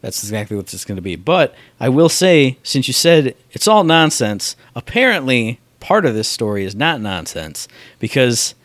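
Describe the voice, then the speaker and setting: Male podcast co-host, mid pitch, casual and animated, mocking voices, dry close mic. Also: moderate pace, no echo. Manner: animated, mocks with exaggerated voices. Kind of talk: casual chat.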